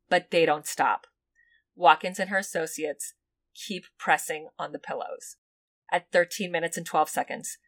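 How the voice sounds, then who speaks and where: A woman with a fairly low voice hosts a true crime podcast. She reads grim transcripts in a level, grave tone and talks between them in a casual, blunt way, with some swearing. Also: steady tone, normal speed. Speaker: podcast co-host.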